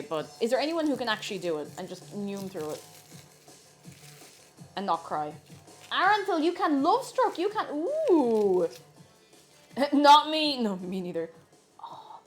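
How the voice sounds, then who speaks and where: A young woman chatting casually on a live cooking stream, playful and reading out chat while she cooks. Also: medium pitch. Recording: faint music behind the voice. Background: faint music.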